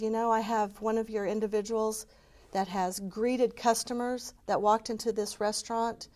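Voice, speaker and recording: Picture a woman addressing a room full of people, speaking with earnest, heartfelt passion about her community work. Her voice sits at an ordinary middle pitch for a woman, and she talks openly and with feeling. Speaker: community presenter.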